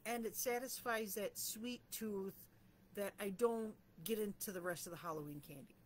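A woman's voice: mid-range voice, normal speed, slight background noise. A middle-aged woman talking in a casual, candid and self-deprecating way as she reflects in her vlog. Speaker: vlogger.

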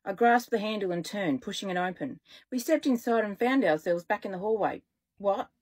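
A woman's voice: mid-range voice, brisk, husky. Woman author reading children's stories aloud. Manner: lively, expressive storytelling.

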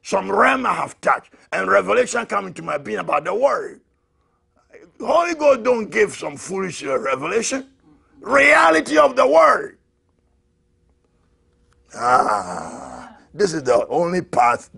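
A high-pitched man preaches a fiery sermon. His voice is gravelly and husky. He shouts, repeats his phrases and laughs in between. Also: wildly swooping pitch, measured pace, pauses often. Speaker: apostle preaching.

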